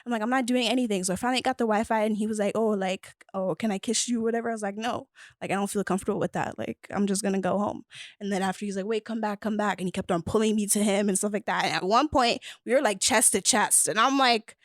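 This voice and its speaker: A woman's voice: mid-range voice, fast, no room sound, clean studio sound. A woman guest on a podcast telling a dating story in casual chat, acting out the other people's lines as she goes. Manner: animated, acts out quoted dialogue.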